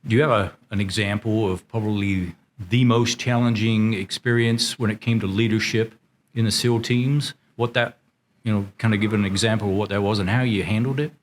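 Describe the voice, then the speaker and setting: A man with a low voice hosts the interview, asking his questions slowly and with some hesitation. Between questions he offers short sounds of agreement. There is a faint hum of background noise. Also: fairly even intonation. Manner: measured, hesitant questioning with fillers. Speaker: podcast host and chaplain.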